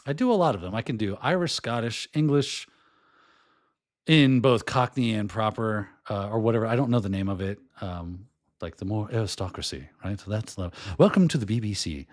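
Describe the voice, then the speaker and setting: A middle-aged man hosting a podcast in casual chat, hoarse and losing his voice, rambling and slipping into put-on accents. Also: fairly low pitch, normal speed. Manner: chatty and rambling, often breaking into put-on accents. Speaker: podcast host.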